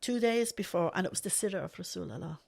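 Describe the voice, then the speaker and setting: A woman's voice: on the low side, lively intonation, fast talker, vocal fry, a little mellow. A woman, a podcast guest telling her story earnestly and repeating phrases for emphasis. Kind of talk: emotional personal storytelling.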